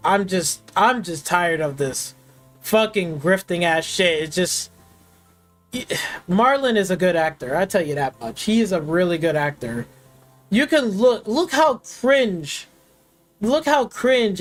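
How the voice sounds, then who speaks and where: A man hosting a gaming stream, ranting in an exasperated, mocking way and swearing constantly. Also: high-pitched. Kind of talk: profane casual rant.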